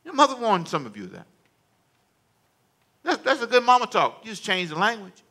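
A man's voice: high-pitched, huge pitch swings, moderate pace, sharp tone. A male pastor preaching a sermon, emphatic and humorous, in a storytelling manner.

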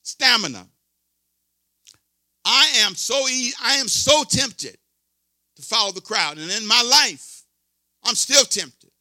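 A man in his sixties preaches with a high, piercing tone, leaning hard on repeated words and calls for response. The sound is dry and close, with no room around it. He swings between quiet asides and loud exhortation. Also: lively intonation, takes it slowly, long pauses, no room sound. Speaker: pastor. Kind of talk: sermon.

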